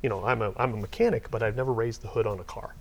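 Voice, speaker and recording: A middle-aged man, a software company owner telling stories in a casual interview, rambling and getting worked up as he goes. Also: lowish voice, rapid-fire, gravelly, dull audio. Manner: rambling, animated, gets worked up retelling.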